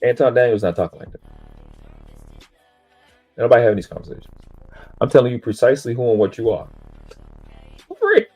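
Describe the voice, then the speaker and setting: Warm and slightly rough, this man's mid-range voice comes out briskly with long pauses, soft music playing behind him. As a panel speaker on a live stream, he preaches spiritual lessons emphatically, swears offhandedly, and talks himself up.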